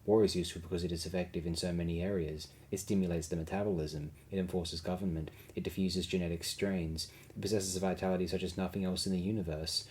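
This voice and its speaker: A spiteful, scheming dwarf, read by a man in an audiobook, lecturing in a wheedling way. The voice sits very low and barely moves in pitch. A faint hiss runs under the recording. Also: steady tone, fast, hardly any pauses, darkish tone, close to an everyday voice.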